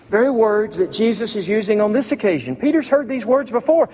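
A man preaching a sermon, repeating key phrases with emphasis and sinking low and soft in quiet passages. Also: very animated, moderate pace, few pauses. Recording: long reverb of a large hall.

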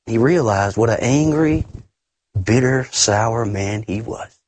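Husky, emphatic male preacher. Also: slow, a little mellow, no echo. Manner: emphatic, repeats words, big pitch swings. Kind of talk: sermon.

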